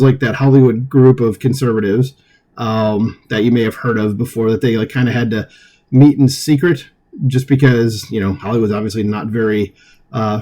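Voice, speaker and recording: A man with a mellow, dark voice hosts a political commentary show. He reads an article aloud and keeps stepping away from it for loose, conversational asides. His delivery is casual, full of fillers and small chuckles. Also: medium pitch.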